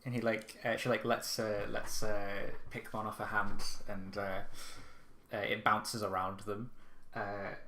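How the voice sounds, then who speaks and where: A man's voice: lowish voice, flat delivery, a little slow, pushed and bright, echoey room, slight background noise. A man narrating as game master of a tabletop game, rambling with many fillers.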